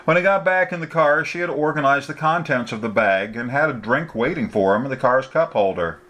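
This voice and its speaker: A man narrating a novel in a steady, plain reading voice. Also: mid-range voice, a little fast. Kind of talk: scripted story narration.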